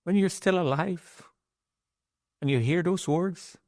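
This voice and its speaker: A man's voice: sits high, takes it slowly, darkish tone, dry recording. A middle-aged man recounting how he survived, acting out the voices of the people in his story, heard close on a studio mic. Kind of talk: emotional personal storytelling.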